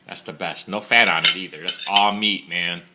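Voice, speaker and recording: Deep-voiced man coaxing his kid. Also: fairly even intonation, normal speed, very noisy. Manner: playful, coaxing, teasing. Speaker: father. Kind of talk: casual chat with his child during a meal. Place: home dining table. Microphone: phone propped up on the table.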